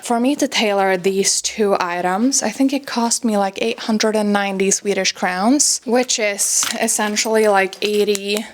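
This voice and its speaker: A woman's voice: mid-range voice, unhurried, hardly any pauses, a little hiss or hum. A young woman vlogging from her wardrobe as she tries on outfits, gushing and filling her talk with "like", a little out of breath as she moves around. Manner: breathy and a little out of breath while trying on clothes; gushing, filler-heavy, says "like" a lot. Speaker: fashion vlogger. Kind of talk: casual chatty vlog. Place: her home wardrobe room.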